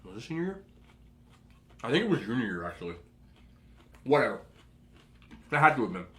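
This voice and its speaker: Young man, casual eating-show host, lively bright voice, rambling asides, close mic. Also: medium pitch, a little fast, slight background noise. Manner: animated, laughs through story, rambling asides. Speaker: mukbang host. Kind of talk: casual storytelling while eating.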